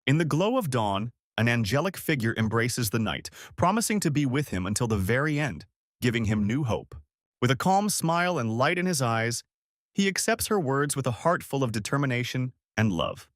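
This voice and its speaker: A man narrates a scripted story recap, his mid-pitched voice held in an even, descriptive storytelling delivery. He sits close to the mic, with a dry, dead sound and no room around him. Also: normal speed, dry recording.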